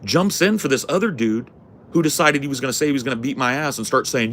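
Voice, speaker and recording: A man hosting a podcast, ranting through a story as a brash, profane self-declared loudmouth who keeps asking "right?". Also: medium pitch, fast, slight background noise. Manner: punctuates points with "right?". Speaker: podcast host. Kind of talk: casual storytelling rant.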